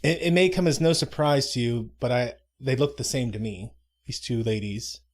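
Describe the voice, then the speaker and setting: Speaking at a moderate pace in a mid-range voice, a live-stream co-host offers casual, meandering commentary punctuated by self-interruptions and playful mock-dramatic asides.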